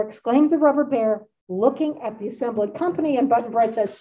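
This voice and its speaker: A woman's voice: a little high, animated, normal speed, warm tone. Chatty older woman lecturing from afar. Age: 60s. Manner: chatty and enthusiastic, with frequent asides. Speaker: art history lecturer. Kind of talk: casual illustrated lecture. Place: community center meeting room. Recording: distant, dull room recording.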